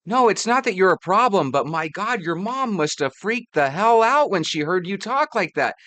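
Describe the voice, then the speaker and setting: A man's voice: high-pitched, sing-song, normal speed, fairly bright tone, dry recording. Chatty man hosting reaction clips. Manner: joking, chatty commentary between clips. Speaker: reaction video host. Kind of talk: reaction commentary.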